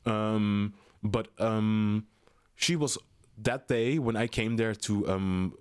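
A man, a podcast guest, telling a story in a casual, animated way, full of "you know what I mean" asides and blunt swearing when worked up. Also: fairly low pitch, slow, clear, resonant tone.

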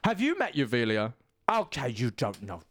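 A man's voice: medium pitch, wildly swooping pitch, moderate pace, noisy background. A man who performs as a drag queen, talking in a rambling, campy, theatrical way and calling people darling. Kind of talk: casual interview chat. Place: indoors, seated.

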